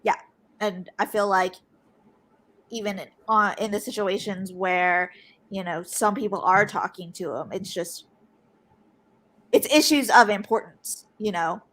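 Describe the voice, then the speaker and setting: A young woman reporter speaks as a podcast guest at an unhurried, slow pace. She pauses often and fills the gaps with ums and you knows while she thinks. Her pitch sits in the middle of the usual range for a woman. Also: fairly bright tone. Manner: hesitant, many fillers and restarts. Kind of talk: podcast interview.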